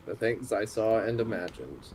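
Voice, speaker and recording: A man's voice: on the low side, animated, darkish tone, slight background noise. Joking man playing a tabletop game. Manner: joking, quick quips. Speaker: player. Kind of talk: casual chat in a tabletop game.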